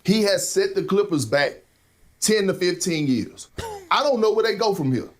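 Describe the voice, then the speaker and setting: A man's voice: high voice, expressive, normal speed. A man giving sports debate commentary in an emphatic way, repeating his key numbers. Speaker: sports analyst.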